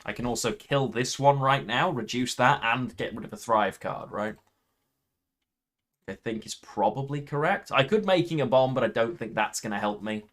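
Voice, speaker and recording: Bright-voiced man muttering over his card game. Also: mid-range voice, moderate pace. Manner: thinks aloud, counting points under his breath. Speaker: gaming YouTuber.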